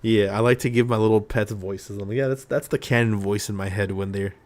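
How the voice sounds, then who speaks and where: A man's voice: on the low side, fairly even intonation, a little fast, a little mellow. A young man hosting a casual live stream chat, rambling and joking, swearing casually. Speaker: streamer host.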